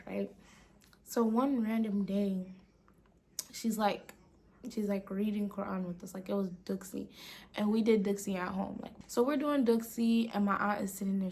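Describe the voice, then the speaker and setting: Gravelly-voiced woman telling a story. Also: mid-range voice, a little mellow. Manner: casual, fills with "like", often half-whispered. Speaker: vlogger. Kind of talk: storytime vlog.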